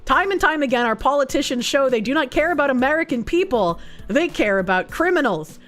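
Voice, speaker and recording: Boston girl streamer ranting, cussing a lot, high voice that swings all over, faint music behind. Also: lively intonation, a little fast, fairly bright tone. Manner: blunt, profane and ranting. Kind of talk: casual livestream commentary.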